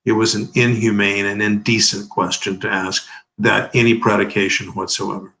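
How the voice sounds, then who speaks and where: A man's voice: on the low side, flat delivery, normal speed, creaky, sharp tone, rough recording. A man in his seventies giving emphatic, oratorical legal commentary as an interview guest, leaning on rhetorical questions. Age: 70s.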